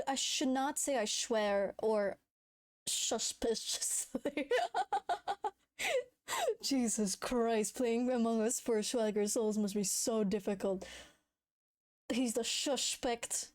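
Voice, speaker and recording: Giggly high-voiced woman streamer. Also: a little slow, a little mellow. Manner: giggly, laughs often, swears casually. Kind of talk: casual chat reading viewer messages.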